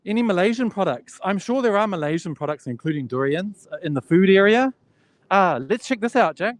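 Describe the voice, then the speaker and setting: A man's voice: high voice, lively intonation, fairly quick. A man giving a casual live walking tour of a huge indoor expo hall. He chats, laughs easily and thinks aloud while filming on a handheld phone. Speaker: vlogger touring an expo.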